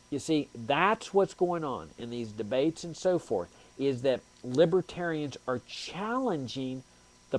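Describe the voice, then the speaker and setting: A man's voice: fairly high pitch, darkish tone, dry recording. A man hosting a political talk show, delivering a sarcastic commentary monologue. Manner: sarcastic, mocking opponents in exaggerated voices.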